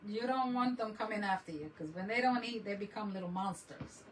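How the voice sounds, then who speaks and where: A woman's voice: mid-range voice, fairly quick, far from the mic, noisy background. A woman chatting casually on a crafting livestream, laughing often and mixing Spanish words into her English.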